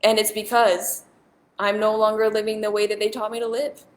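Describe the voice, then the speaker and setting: A woman's voice: medium pitch, little pitch movement, moderate pace, echoey room. A woman and spiritual teacher talking straight to viewers in a casual monologue, earnest and emphatic, often repeating herself.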